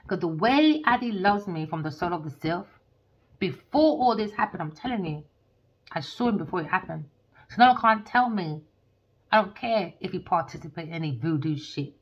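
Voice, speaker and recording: A woman's voice: on the low side, lively intonation, normal speed. A woman, a tarot reader ranting heatedly and swearing in a monologue. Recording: dull lo-fi recording.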